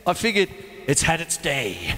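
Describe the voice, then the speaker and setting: A man's voice: a little high, sing-song, a little slow, background noise. An older man, chatting his way through a drum lesson, rambling and laughing often. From Australia. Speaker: drum teacher. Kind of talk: casual drum lesson talk. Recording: long hall reverb, loud drum kit. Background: drums and music playing.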